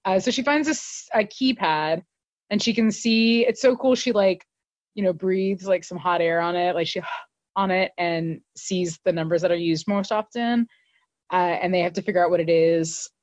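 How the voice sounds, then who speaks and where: A woman's voice: fairly low pitch, normal speed, darkish tone, no room sound. A woman co-hosting a podcast, recapping an episode in casual, laughing, filler-heavy chat. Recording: dull lo-fi dry recording.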